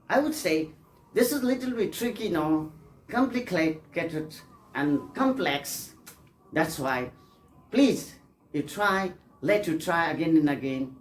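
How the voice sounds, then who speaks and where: A man teaching an English pronunciation lesson, repeating examples and coaxing his students, often checking they follow. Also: high voice. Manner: repetitive, coaxing, with frequent checks for understanding.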